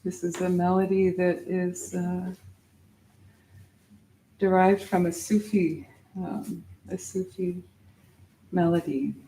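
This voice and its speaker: Slow, patient woman meditation teacher chanting mantra syllables in an echoey room. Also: on the low side, flat delivery, warm tone, a little hiss or hum. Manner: patient, demonstrates sounds, chants syllables slowly.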